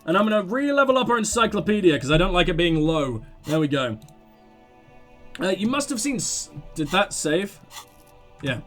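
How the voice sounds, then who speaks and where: A man's voice: high-pitched, big pitch swings, moderate pace, fairly bright tone, soft background music. A man casually commenting on a game as a let's play host, joking at his own expense. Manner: casual, self-deprecating.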